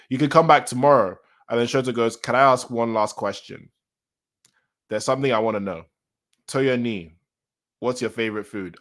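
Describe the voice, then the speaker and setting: A man reading a comic chapter aloud and reacting to it in casual chat, often repeating his reactions. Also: fairly low pitch. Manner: reads lines aloud then reacts, repeating himself excitedly. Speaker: manga reaction host.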